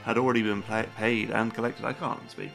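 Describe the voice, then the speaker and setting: A man's voice: lowish voice, flat delivery, a little fast, vocal fry, a bit bright. A man on a live stream playing a game, reading its on-screen text aloud and dropping joking asides between lines. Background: game music.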